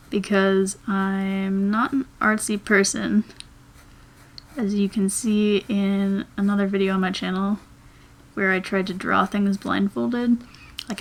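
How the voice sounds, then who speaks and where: A woman's voice: mid-range voice, creaky. Chatty young woman rambling while drawing. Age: 20s. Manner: chatty and rambling, thinking out loud. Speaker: vlogger. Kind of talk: casual chat while drawing.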